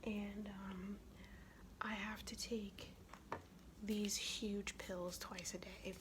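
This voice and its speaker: A young woman speaks in a soft whisper, chatting casually and swearing freely while getting ready in an ASMR video. She is sick, and her whisper sits at an ordinary pitch. Faint noise hums underneath. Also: little pitch movement, extremely slow. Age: young adult. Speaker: ASMR vlogger.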